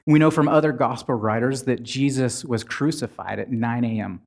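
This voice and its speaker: A man's voice: mid-range voice, moderate pace, gravelly. A man preaching a sermon in a conversational way, retelling scripture with frequent restarts.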